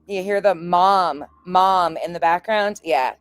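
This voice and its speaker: Low, dry-voiced woman in mocking commentary. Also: takes it slowly, smooth, no room sound. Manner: mocking, crude, laughs a lot. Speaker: commentary streamer host. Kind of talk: casual crude commentary.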